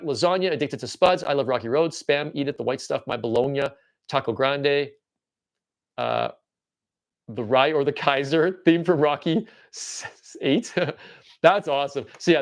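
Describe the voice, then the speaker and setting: A man in his forties hosting a casual livestream show-and-tell, rambling with stammering restarts and excited tangents. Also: a little high. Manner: excitable and enthusiastic. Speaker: livestream host.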